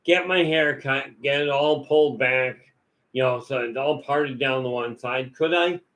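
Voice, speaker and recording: A man's voice: medium pitch, unhurried, a bit bright, rough recording. A man giving a rambling, folksy talk full of stories and asides as a vlog host. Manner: folksy, storytelling, many "you know" fillers.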